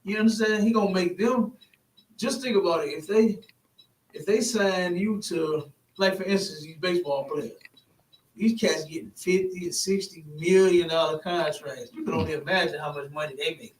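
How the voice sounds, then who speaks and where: A man with a high voice talks loosely and circles back to his points, checking in with the listener again and again. He sounds off-mic in an echoey room, with a faint hiss behind him. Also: normal speed, far from the mic. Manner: rambling, repeats "you know what I'm saying". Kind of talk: casual spoken discussion.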